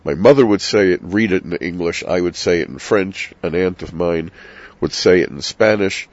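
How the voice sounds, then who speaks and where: A man's voice: deep voice, normal speed. An older man teaching about the Passover Seder, telling family stories with dry self-deprecating humor. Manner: warm storytelling with dry self-deprecating asides. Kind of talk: reflective spoken teaching. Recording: dull lo-fi sound.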